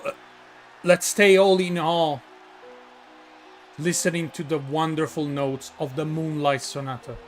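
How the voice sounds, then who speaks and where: Italian-accented guy doing wrestling commentary, high bright voice, takes his time, jokes with the chat. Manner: jokey, reads chat names aloud, hypes the ring entrances. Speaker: wrestling commentator and show host.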